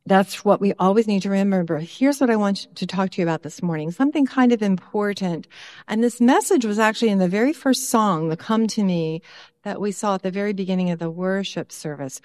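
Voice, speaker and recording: A woman pastor giving a children's sermon in church, expressive and lifting her pitch when she voices her own prayers. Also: long reverb tail.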